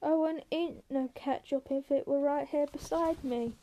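A slow, simple-minded big man pleads in a childlike way, as a woman reads him aloud. The voice sits high and soft, mellow in tone. It is a plain audiobook reading. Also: fairly even intonation, lo-fi sound, a little hiss or hum. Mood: pleading.

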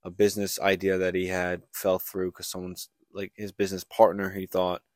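A man's voice: low voice, completely flat delivery, moderate pace, no room sound, studio quality. A young man co-hosting a podcast, casually recapping a book plot with lots of likes and restarts. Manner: rambling storyteller, many likes and restarts. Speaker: podcast co-host.

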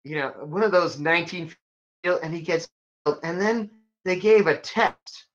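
A man telling stories in a casual chat, rambling and animated with lots of fillers. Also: a little high, measured pace. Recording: dull lo-fi sound.

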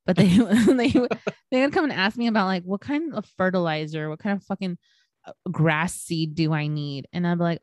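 A woman's voice: on the low side, a little fast, a little mellow, no room sound. A young woman co-hosting a podcast, telling stories in a casual chat full of fillers and swearing. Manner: swears freely, storytelling with lots of fillers. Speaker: podcast co-host.

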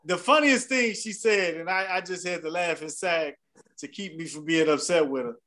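A man's voice: a little high, normal speed, bright, forceful tone. A man in his fifties, co-hosting a podcast, telling a laughing story about his birthday party in casual slang. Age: 50s. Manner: laughing storyteller, Southern Black vernacular slang. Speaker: podcast co-host.

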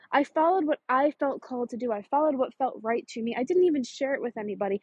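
A woman business coach in a casual motivational monologue, emphatic, swearing freely, with a fast, punchy delivery. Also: high-pitched, a little mellow, husky, no echo.

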